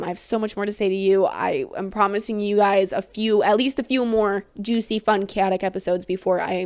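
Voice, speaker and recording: A woman's voice: mid-range voice, clean tone, dry recording. A young woman hosting her own podcast, chatting casually and rambling with lots of fillers and the odd swear word. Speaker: podcast host. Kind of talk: casual solo podcast chat.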